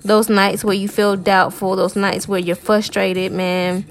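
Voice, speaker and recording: A woman tarot reader talks in an unhurried, flat, mid-range voice while soft music plays behind her. Her casual pep talk to viewers is loose and encouraging, with repeated phrases and frequent "y'all" and "man."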